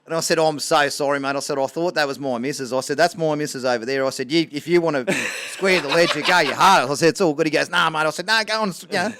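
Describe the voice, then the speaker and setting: A man's voice: on the high side, fast talker, few pauses, background noise. A man with an Australian accent, co-hosting a podcast and spinning casual yarns with plenty of laughter. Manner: animated yarn-spinner, laughs through his stories. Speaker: podcast co-host. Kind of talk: casual storytelling chat.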